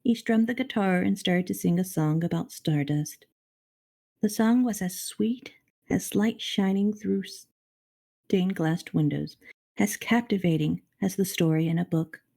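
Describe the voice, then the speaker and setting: A middle-aged woman reading a children's novel aloud on a charity livestream, expressive and addressing the reader directly. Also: lowish voice, measured pace, vocal fry. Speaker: storybook reader on a charity stream.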